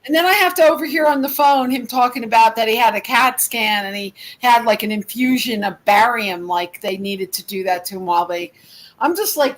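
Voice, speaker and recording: A woman's voice: a little high, a little fast, rough recording. A woman angrily venting in a casual chat, exasperated and swearing often. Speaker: participant in a group chat.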